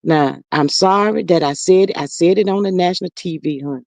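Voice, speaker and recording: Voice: medium pitch, a little fast, gravelly, a little mellow, no room sound, close to an everyday voice. A performer voicing a defensive, folksy older mother who rambles and calls everyone honey, chatting in character on a livestream. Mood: rambling. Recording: slightly muffled dry livestream audio.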